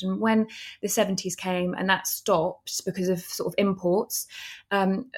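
A woman from England, a documentary director, answering interview questions in a thoughtful, earnest way. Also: medium pitch. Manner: thoughtful, earnest, with frequent restarts. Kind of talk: interview conversation.

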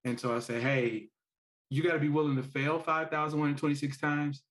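A man's voice: fairly high pitch, fairly quick. A man, a parent and author, telling stories as a podcast guest, acting out quoted lines and laughing often. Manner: animated storyteller who acts out quotes and laughs often. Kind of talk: podcast interview storytelling.

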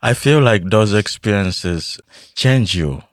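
Man, very deep voice, calm interviewer, dry close mic. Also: takes it slowly, no room sound. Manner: calm, brief affirmations and questions. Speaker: podcast host. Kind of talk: interviewing a guest.

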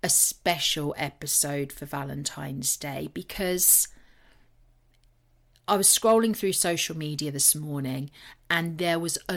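A British woman hosting a solo podcast, telling stories in a chatty, self-mocking way. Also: deep voice. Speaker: podcast host. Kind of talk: casual solo podcast talk.

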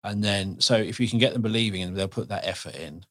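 Low-voiced man with a dry, close sound. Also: fast talker, a bit bright, no echo. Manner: earnest, rambling, restarts his sentences. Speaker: podcast host. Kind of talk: casual podcast conversation.

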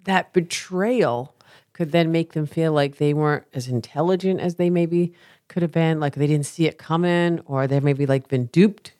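A relaxed, chatty co-host in casual conversation, often adding quick remarks. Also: mid-range voice, dry recording, studio quality. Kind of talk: casual chat.

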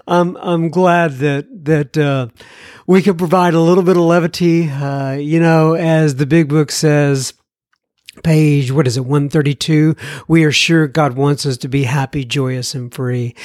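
A man's voice: a little high, dry recording, studio quality. A man hosting a podcast, reading listener mail in a chatty, self-deprecating way. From United States. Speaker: podcast host.

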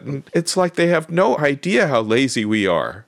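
A man hosting an interview, explaining things in a wry, relaxed way. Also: medium pitch, moderate pace, hardly any pauses. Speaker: interview host. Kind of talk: casual discussion.

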